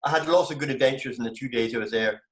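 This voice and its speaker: A Scottish man chatting animatedly as a comedian guest on a video call, breaking into high exclamations. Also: rapid-fire, reverberant. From Scotland. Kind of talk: casual video call chat.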